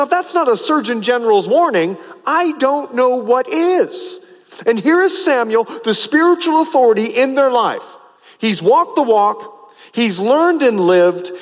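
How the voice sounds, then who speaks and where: A man's voice: very high-pitched, long reverb tail. A man preaching a sermon as pastor, emphatic and repetitive, stressing phrases over and over.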